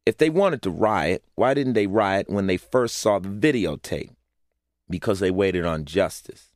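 A man's voice: deep voice, animated, measured pace, a little mellow, no room sound, studio quality. Blunt, profane man narrating an essay. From Los Angeles, USA. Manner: blunt, profane, fond of rhetorical questions. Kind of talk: narrated reading of a personal essay.

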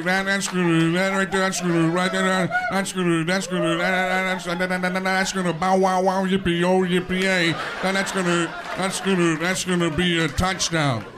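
A man's voice: high-pitched, noisy background, natural voice. A man doing a stammering rambling sports commentator. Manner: stammering, repetitive, loud. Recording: live club with audience laughter.

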